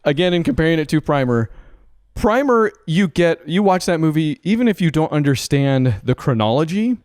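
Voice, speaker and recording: A man's voice: fairly high pitch, very animated, moderate pace, a little mellow, dry recording, studio quality. A man co-hosting a casual podcast, talking through a film in a chatty, analytical way with many asides. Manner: chatty, analytical, frequent "like" and "right?". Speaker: podcast co-host.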